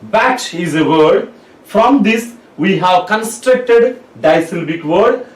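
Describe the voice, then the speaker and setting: A man's voice: high-pitched, expressive, slow pace. A man teaching a lesson, spelling words out letter by letter and repeating them. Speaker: English teacher. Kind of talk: classroom lecture. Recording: roomy, mic at a distance.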